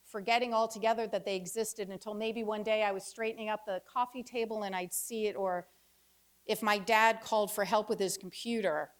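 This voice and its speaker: A woman in her fifties performing a reflective personal essay with wry storytelling and pauses. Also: medium pitch, steady tone. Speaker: author giving a reading.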